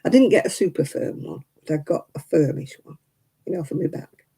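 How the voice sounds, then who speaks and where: A woman's voice: deep voice, lively intonation, brisk, vocal fry, mellow, slightly rough, low-quality recording. A woman in her seventies chatting casually and rambling with chuckles while she hosts a crafting livestream. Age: 70s. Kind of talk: casual chat.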